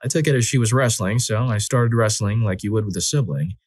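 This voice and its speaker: Low-voiced man narrating stories, dry sound. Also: a little fast, husky, no echo. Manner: expressive, dramatic reading with acted quotes. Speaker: story narrator. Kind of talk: scripted narration of reader stories.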